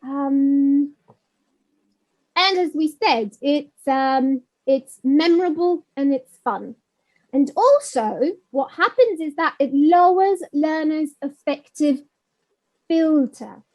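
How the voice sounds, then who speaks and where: A woman with a high voice presents a teacher-training webinar. She explains in a friendly way with plenty of ums and "you know". She bursts into animal sounds and short sung examples to show her points. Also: slow. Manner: animated, sings and mimics animal sounds to demonstrate; many fillers, friendly explaining.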